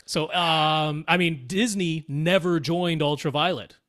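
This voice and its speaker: A man from Canada with a fairly high voice, co-hosting a casual podcast. He walks through technical details at length and laughs now and then as he talks. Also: fairly even intonation, measured pace, a bit bright. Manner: explanatory, technical, laughs often. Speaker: podcast co-host.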